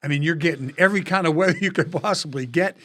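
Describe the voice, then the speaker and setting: A man's voice: a little high, fast, sharp tone. A man hosting a podcast interview, joking and encouraging his guest. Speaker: podcast host. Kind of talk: casual interview chat.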